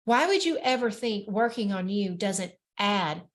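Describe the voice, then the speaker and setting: A woman's voice: mid-range voice, animated, a little slow. A woman hosting a solo coaching podcast, talking frankly and emphatically and acting out inner voices. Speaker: podcast host and weight-loss coach.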